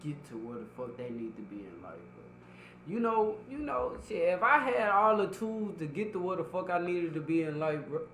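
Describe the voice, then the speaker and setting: A man's voice: high voice, sing-song, moderate pace, fairly bright tone, roomy sound, a little hiss or hum. A man co-hosting a casual podcast while he has the hiccups, talking loosely and profanely and repeating himself. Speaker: podcast co-host.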